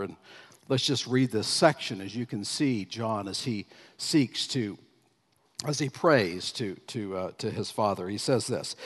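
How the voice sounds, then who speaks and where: A man preaching a sermon as pastor, emphatic, slowing down and stressing key phrases as he reads scripture. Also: medium pitch, long reverb tail.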